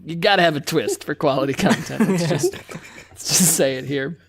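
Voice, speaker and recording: A man's voice: fairly high pitch, moderate pace, a little hiss or hum. A man hosting a casual podcast, rambling through stories and laughing often. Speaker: podcast host. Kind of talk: casual chat.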